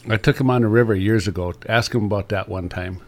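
A man's voice: lowish voice, fast. A middle-aged man, a trapper chatting on the radio in a folksy, rambling way with many fillers. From Upper Peninsula of Michigan. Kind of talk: casual radio chat.

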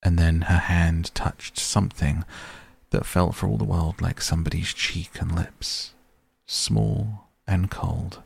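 A man reading a story aloud in a slow, grave, measured way, with a gravelly voice. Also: fairly even intonation, darkish tone, no room sound. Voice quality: deep, gravelly, husky voice. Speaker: narrator. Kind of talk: audiobook narration.

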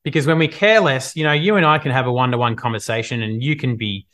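Aussie guy pumping people up on a live vid, lively, acts stuff out, mid pitch. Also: fast talker. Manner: energetic, animated, acts out scenes. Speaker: business coach. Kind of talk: motivational live video talk.

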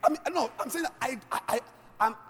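A man preaching a sermon as a pastor. He talks emphatically in a sing-song cadence and swings from shouts down to near-murmurs. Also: very high voice, fast talker, a little hiss or hum. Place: church hall. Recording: long hall reverb with faint music.

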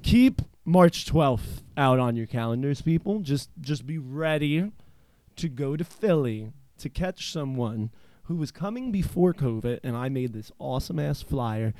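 A man's voice: medium pitch, animated, measured pace, warm tone, no echo. A man from eastern Pennsylvania hosting a casual chat show, telling stories in a rambling, profane way with lots of filler words. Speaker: podcast host.

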